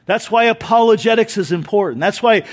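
High-voiced man preaching a sermon. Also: brisk. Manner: earnest, conversational preaching with quoted asides. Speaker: pastor.

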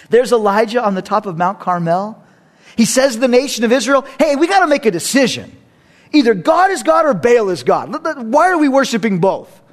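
High-voiced pastor preaching with animated storytelling. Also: male voice. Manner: animated storytelling, acting out characters; swings between loud emphasis and quiet asides. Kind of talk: sermon.

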